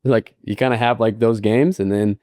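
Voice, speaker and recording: A man in his thirties from Colorado, chatting casually as a podcast host, laid-back and halting with lots of fillers. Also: lowish voice, steady tone, darkish tone, no room sound, studio quality. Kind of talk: casual chat.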